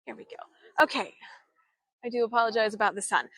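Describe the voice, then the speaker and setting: A young woman guiding a live walking tour outdoors, talking into a handheld phone, chatty and halting, with many fillers and restarts. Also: mid-range voice, fairly even intonation, a bit bright, dry recording. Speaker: travel vlogger and tour guide. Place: outdoors in an old town street.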